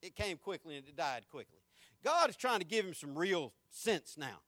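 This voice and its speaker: A man preaching a folksy, emphatic sermon, rising to shouts at peaks. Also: on the high side, sing-song, normal speed, no echo.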